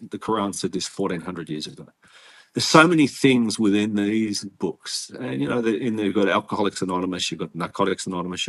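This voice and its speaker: A man with an Australian accent, a guest in an interview, telling his story earnestly and haltingly with many restarts. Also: sits low. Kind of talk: casual interview conversation.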